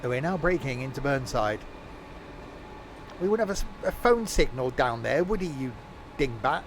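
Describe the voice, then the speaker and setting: The streamer's medium-pitched voice is expressive and moves at normal speed, with slight background noise behind it. Playing a train simulator, he chats and jokes casually and does silly mock announcements for passengers.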